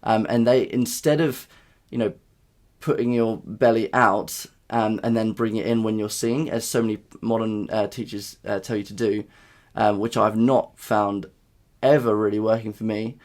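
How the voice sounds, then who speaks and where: A man's voice: on the low side, fairly even intonation, moderate pace, a little mellow. A young man talking casually to camera in a vlog, rambling with lots of fillers and restarts. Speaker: vlogger.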